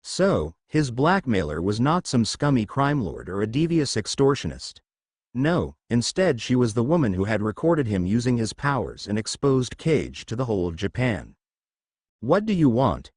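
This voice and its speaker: A man's voice: mid-range voice, moderate pace, no echo, studio quality. A man narrating a fan fiction story as an audiobook, reading every character's lines in the same voice. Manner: reads all characters' dialogue in the same even voice.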